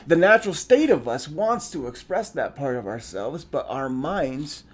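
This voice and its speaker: A man's voice: fairly high pitch, very animated, normal speed, husky. A man co-hosting a podcast, talking in an earnest, reflective way with frequent restarts and ums. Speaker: podcast co-host.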